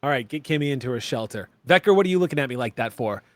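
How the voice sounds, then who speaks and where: A man narrating a tabletop game as game master, relaxed and chatty with many fillers. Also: mid-range voice, very fast.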